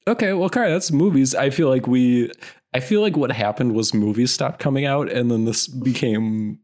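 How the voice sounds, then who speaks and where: A man co-hosting a podcast chats casually and jokes around while reading movie blurbs aloud. His voice is medium-pitched and animated, moving at a moderate pace.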